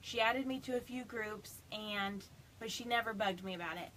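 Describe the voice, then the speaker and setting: A woman's voice: mid-range voice, normal speed, fairly bright tone, a little hiss or hum, low-quality recording. A woman chatting casually on a phone live stream from her home, rambling and fighting back tears. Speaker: direct sales consultant. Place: home on a small farm.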